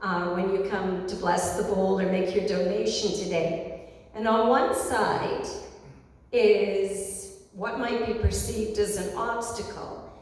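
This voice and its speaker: A woman minister giving a sermon, reflective and unhurried in her storytelling. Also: medium pitch, little pitch movement, a little mellow. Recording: echoey hall from far off.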